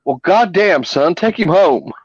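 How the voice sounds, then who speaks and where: A man voicing a gruff, towering Texas cop in his forties who drawls and curses bluntly. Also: high voice, expressive, measured pace, darkish tone, no room sound, muffled recording, exaggerated voice.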